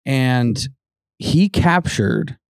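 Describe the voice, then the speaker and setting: Man, middle pitch, dry close sound, casual rambling storyteller who quotes himself a lot. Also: animated, extremely slow, creaky, no echo. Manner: rambling, full of "like" and restarts, acts out quotes. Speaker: podcast co-host telling a ghost story.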